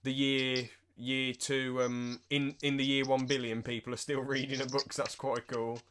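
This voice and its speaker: A man talks through a TV series with a friend in a relaxed, excitable way. His voice sits in a middle register. The recording carries clear background noise. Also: medium pitch, moderate pace. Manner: chatty, enthusiastic, acts out quotes in exaggerated voices. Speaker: podcast co-host reviewing a TV series. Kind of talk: casual chat.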